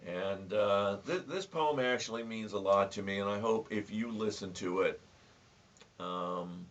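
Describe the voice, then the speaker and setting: A man's voice: lowish voice, unhurried. Folksy man joking from a distance. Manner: folksy, dry joking, tells jokes with stammered restarts. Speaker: host. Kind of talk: casual home video monologue. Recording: distant, dull lo-fi sound.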